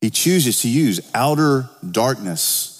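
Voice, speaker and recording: Male pastor, mid-pitched, conversational sermon, lifts up for scripture readings, long church reverb. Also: lively intonation, slow. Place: church sanctuary.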